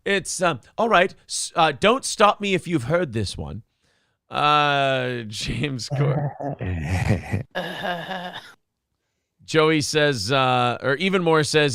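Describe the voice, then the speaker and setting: Male podcast host, lively pitch, dry close sound, jokey mock comedian bits. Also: drawn-out words, vocal fry, pauses often, no echo. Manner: mock stand-up impressions, laughing often. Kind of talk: casual comedic chat.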